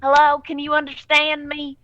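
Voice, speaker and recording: Bright-voiced animated woman player. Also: high voice, moderate pace, no room sound, lo-fi sound. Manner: animated and exclamatory, talks in character. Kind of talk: playing a tabletop game.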